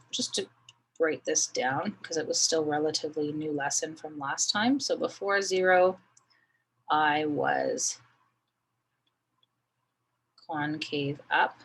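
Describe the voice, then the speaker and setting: A woman's voice: deep voice, a little hiss or hum, rough recording. A woman teaching a math lesson, thinking aloud as she draws a graph, with many fillers. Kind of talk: recorded screen lesson.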